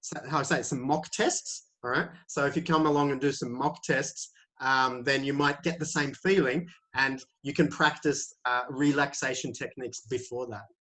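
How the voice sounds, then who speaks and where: Hesitant teacher on a call. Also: male voice, medium pitch, steady tone, moderate pace, a bit bright. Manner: hesitant, many fillers and restarts. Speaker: IELTS teacher. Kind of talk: answering questions in a webinar. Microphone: video call.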